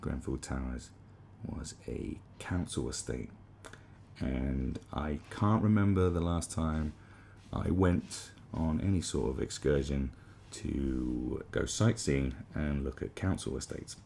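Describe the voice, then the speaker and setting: A man's voice: extremely low pitch, slow pace, creaky, mellow, a little hiss or hum. A man delivering a sarcastic, rambling comedic monologue as the host of a commentary channel, with frequent restarts.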